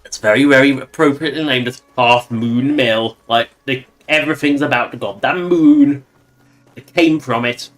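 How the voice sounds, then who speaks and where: A man's voice: medium pitch, expressive, moderate pace. A man giving casual, sarcastic, rambling commentary while he plays a game on stream.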